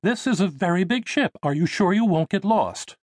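A man voicing a worried, protective middle-aged wealthy mother in an audiobook, raising his voice high for her. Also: animated, moderate pace, dry recording, studio quality. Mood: fussing. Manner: fussy, protective.

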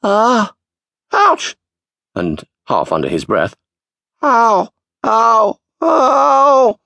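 A man's voice: sits high, huge pitch swings, a little slow, no echo, pitched above the performer's own voice, exaggerated voice. A male narrator voicing a grumpy, self-pitying little soddit with a whiny, complaining manner, in a comic audiobook. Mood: pained. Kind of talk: audiobook character voice.

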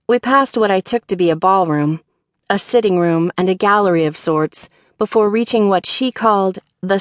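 A woman narrating a mystery audiobook in the first person, in a wry, measured voice. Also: on the low side, no room sound, clean studio sound. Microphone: studio microphone.

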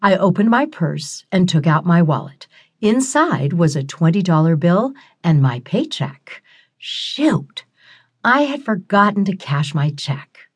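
A woman narrating a novel in the first person, in a wry, expressive storytelling manner. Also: on the low side, measured pace, breathy edge. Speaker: audiobook narrator.

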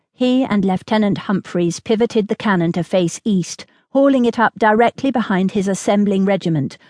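A woman narrating a historical romance audiobook in a steady, measured storytelling manner, recorded close in a studio. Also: medium pitch, no room sound.

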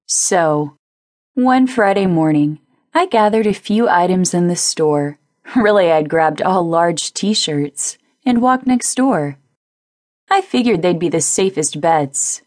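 A woman narrating a first-person audiobook in a lively, playful way on a close studio mic. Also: on the low side, takes it slowly, no echo.

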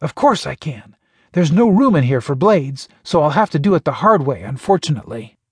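A man voicing aki, an enormous alien war dog from a sci-fi audiobook. he talks low and dry with a wry, unbothered edge, and the booth around him is completely dead. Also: sing-song, brisk, a little mellow, slightly rough, dry recording, exaggerated voice. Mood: matter-of-fact. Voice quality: wheezing laugh, low and dry. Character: huge wry alien dog warrior, male. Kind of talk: audiobook character voice.

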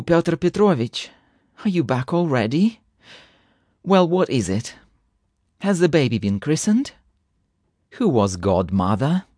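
A man voicing a stingy, scolding housekeeper woman who rails angrily and talks fast. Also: fairly high pitch, warm tone, no room sound, clean studio sound, voice pushed up, full character voice. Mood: sleepy, sharp. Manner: angry, rapid, railing.

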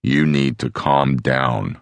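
Deep growly werewolf guy barking orders, narrator voicing him, dry sound. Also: slow pace, vocal fry, dry recording, exaggerated voice. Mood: low urgent. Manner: growling, curt commands. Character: gruff, bossy young male werewolf. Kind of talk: audiobook character voicing.

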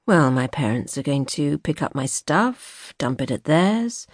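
Narrator lady playing a posh young guy, lower and lazy, offhand drawl, dry close sound. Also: sing-song, unhurried, no room sound, heavily acted. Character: posh young man graduate, lazy and flippant. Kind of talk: audiobook character voice. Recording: dry studio recording.

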